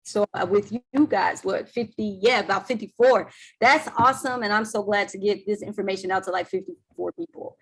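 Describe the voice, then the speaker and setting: Brief: woman webinar presenter on a video call, tired voice, casual and chatty, middle pitch. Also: brisk, slightly rough, rough recording. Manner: chatty, warm thanks, trails off with ums. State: voice worn from talking.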